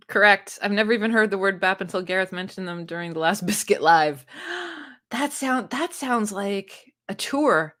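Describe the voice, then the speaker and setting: Live-stream host, woman, casual and giggly, mid-pitched, reads chat aloud and laughs a lot. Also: a little slow, long pauses, fairly bright tone. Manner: giggly, chatty, often laughs and restarts.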